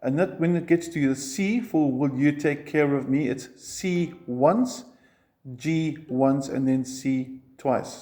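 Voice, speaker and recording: Man teaching ukulele over soft strumming. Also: fairly high pitch, unhurried, soft background music. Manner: explains chord shapes step by step, counts strums aloud. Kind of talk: music lesson.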